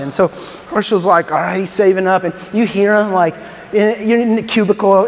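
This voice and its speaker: High-voiced pastor in a reverberant hall. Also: male voice, normal speed. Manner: animated, stammering restarts. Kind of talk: sermon with an animated story. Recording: long reverb in a large hall.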